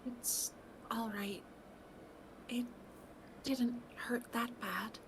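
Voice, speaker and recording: A woman speaking softly and gently in whispered role-play during a tabletop game. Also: fairly high pitch, steady tone, extremely slow, background noise. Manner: soft, gentle. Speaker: player.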